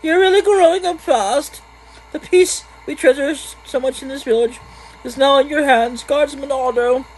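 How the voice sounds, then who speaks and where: A man's voice: moderate pace, low-quality recording. A man doing a sweet young village woman. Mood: encouraging. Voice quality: high falsetto.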